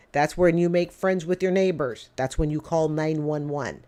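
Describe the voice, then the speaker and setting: Woman, fifties, lowish voice, emphatic no-nonsense commentator who calls people out directly. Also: normal speed, hardly any pauses, a little mellow. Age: 50s. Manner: emphatic, blunt, repeats points for emphasis; lecturing, addresses people directly. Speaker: commentator reacting to call-in show clips. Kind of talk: casual opinionated commentary.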